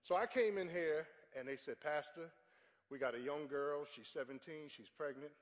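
A middle-aged man preaching a sermon as pastor, animated with sudden shouted peaks. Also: a little high, moderate pace. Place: large church sanctuary. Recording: church hall with long reverb.

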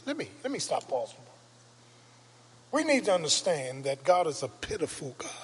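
Slow husky pastor guy preaching in a big echoey church, swings up into shouts. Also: on the high side. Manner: preaching with dramatic rises into shouts. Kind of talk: Easter sermon. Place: church sanctuary. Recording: reverberant church hall.

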